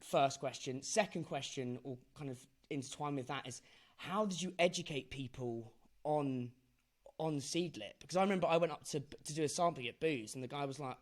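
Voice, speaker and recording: A man's voice: fairly high pitch, moderate pace. A man hosting a podcast interview, casual and chatty, fond of "like" and "mate" and some swearing. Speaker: podcast host.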